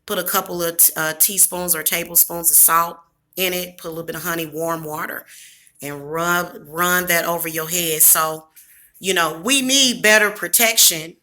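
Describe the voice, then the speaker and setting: Her voice is on the low side, bright and forceful, with fairly even intonation at a normal speed. She's a livestream host from the American Midwest who has a Southern accent, chatting casually, rambling, and talking to her viewers. Sound is captured by her device camera.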